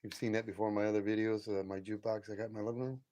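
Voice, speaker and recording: A man's voice: lowish voice, little pitch movement, rapid-fire, warm tone, slight background noise. A man hosting a late-night live stream from home, chatting casually with viewers in a rambling way and often chuckling.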